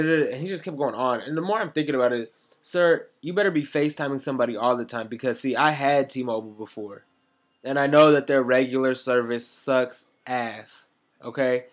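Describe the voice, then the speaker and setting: A man's voice: medium pitch, normal speed. A young man telling rambling, sarcastic stories straight to camera, swearing freely as he goes. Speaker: vlogger. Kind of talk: casual storytelling monologue.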